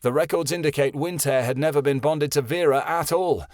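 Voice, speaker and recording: A man's voice: fairly high pitch, a little fast, a little mellow, no room sound, clean studio sound, lightly acted. A man voicing an indignant teenage boy in a fantasy audiobook. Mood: grim. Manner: heated, indignant. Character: angry teenage boy of nearly sixteen.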